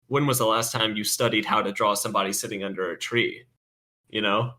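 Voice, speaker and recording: A man co-hosting a casual art podcast, talking in an animated way. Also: lowish voice, fairly quick. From United States. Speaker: podcast co-host, artist. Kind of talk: casual chat.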